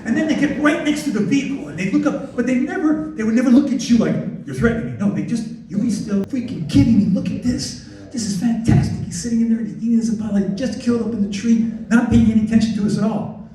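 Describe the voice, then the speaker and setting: Excitable high-voiced man in an echoey hall. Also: quick pace. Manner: excitable, animated, self-interrupting. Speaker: wildlife photographer giving a slide talk. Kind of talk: lively presentation to an audience. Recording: distant echoey hall recording.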